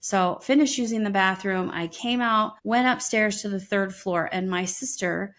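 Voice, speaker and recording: A woman podcast co-host telling a personal story in casual chat, lively and full of ums. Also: medium pitch, normal speed. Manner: lively retelling with frequent ums.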